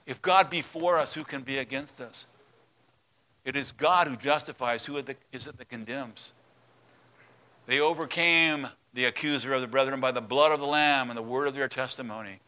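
A man's voice: mid-range voice, normal speed, sharp tone, clean tone. A man preaching a sermon as a pastor, telling a story and acting out its voices.

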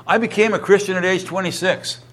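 Animated male preacher reading scripture. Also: brisk. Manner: animated, rising in pitch and volume when retelling a quoted testimony. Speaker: pastor.

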